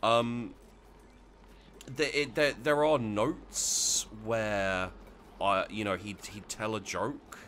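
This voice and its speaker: A low-voiced man chats loosely over his game footage, circling back and restarting his sentences as he goes. His voice has a bright, forceful edge, with a faint hiss underneath. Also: steady tone, slow pace. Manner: rambling, many restarts and fillers. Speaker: let's play host. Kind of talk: casual gameplay commentary.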